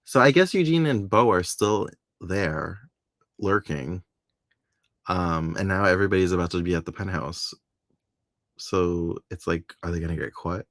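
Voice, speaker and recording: A man with a very low, deep voice, recapping soap episodes in a relaxed, chatty way. He laughs often and slips into playful voices when quoting characters. The sound is close and dry, with almost no room around it. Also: a little slow, no room sound. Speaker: podcast co-host. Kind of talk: casual chat recapping a soap opera.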